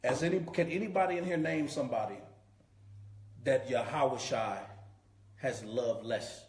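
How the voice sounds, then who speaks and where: A man's voice: mid-range voice, unhurried, darkish tone. A man teaching a scripture class as a preacher, emphatic and repeating his key points. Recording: roomy echo.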